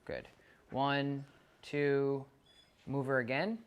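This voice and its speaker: A man working as a dog trainer, calmly coaching a client through exercises and counting out the timing. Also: mid-range voice, extremely slow, clean tone, highs cut off. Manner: calm, coaching, counts out loud. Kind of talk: instructing a client during training.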